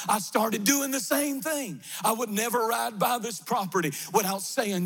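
A man's voice: sits high, moderate pace, a bit bright, breathy edge, soft background music. A male pastor preaching a fervent sermon with chanted, repeated refrains in a large empty sanctuary. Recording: long reverb of a big hall.

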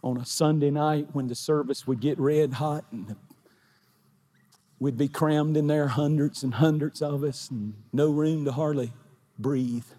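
A man's voice: fairly high pitch, steady tone, a little slow. Fervent pastor preaching to his church. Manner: fervent preaching that builds to shouting. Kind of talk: sermon. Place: church sanctuary.

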